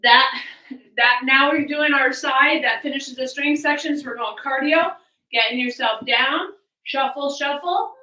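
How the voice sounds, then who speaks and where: A woman's voice: high voice, unhurried, sharp tone, roomy sound, recorded from a distance, rough recording. A woman fitness coach, out of breath, counting reps and cueing moves while she exercises along in a small room at home. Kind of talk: coaching a live home workout.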